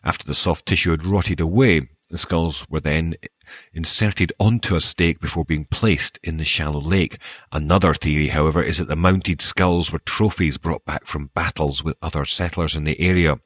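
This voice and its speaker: A man with a soft Scottish accent hosting a show, reading archaeology news and dedications with wry, dry joking asides. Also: extremely low pitch, fairly even intonation, normal speed, no room sound. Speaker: podcast host.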